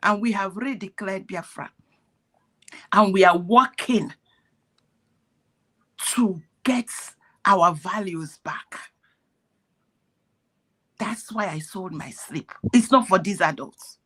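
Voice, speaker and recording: Slow, bright-voiced woman preaching. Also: mid-range voice, husky. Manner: earnest, preachy, speaks in parables. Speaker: activist speaking on a call. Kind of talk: impassioned commentary.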